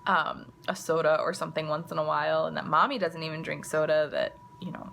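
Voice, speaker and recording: A mother and vlogger tells a story to the camera in a chatty, casual way, full of "like" and "you know." Her deep voice is gravelly with a fairly bright tone, a little fast, and there's a little hiss or hum.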